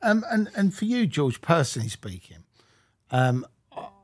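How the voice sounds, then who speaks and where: A man hosting a podcast interview, giving brief acknowledgements and asking halting, restarting questions. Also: fairly high pitch, big pitch swings, husky, no room sound, clean studio sound. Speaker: podcast host.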